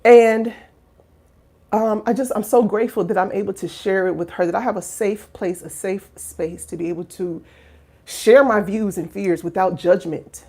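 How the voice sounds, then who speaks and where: A woman in her thirties, a coach, talking casually and heartfelt to camera, drifting from hushed reflection to loud exclaiming, with many fillers and rhetorical questions. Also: mid-range voice, normal speed, slightly rough. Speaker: life coach and finishing school founder.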